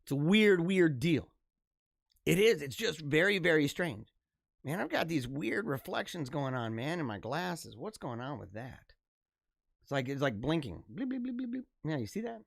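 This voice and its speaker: A man in his thirties hosts a live stream from his computer, talking in a loose, rambling way and laughing a lot. His voice sits a little high. The sound is dry and close, with no room around it. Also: moderate pace, vocal fry, dry recording. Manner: rambling, energetic, laughs often. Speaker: livestream host. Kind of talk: casual live-stream chat.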